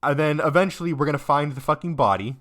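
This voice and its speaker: A man's voice: fairly high pitch, quick pace, fairly bright tone. A young man playing a game and commenting on it, upset and close to tears, who swears constantly and rants in broken, trailing sentences. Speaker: let's-play gamer.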